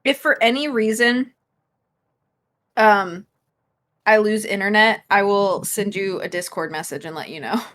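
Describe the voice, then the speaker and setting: A woman's voice: mid-range voice, measured pace, pauses often, a bit bright. A young woman chatting casually while live-streaming a game, easygoing and laughing between thoughts. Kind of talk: casual let's-play chat.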